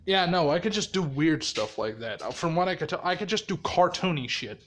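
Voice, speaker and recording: Man, fairly high voice, casual rambling storytelling, swears a lot, laughs often. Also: expressive, fairly quick, fairly bright tone, a little hiss or hum. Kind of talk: casual improvised fan story.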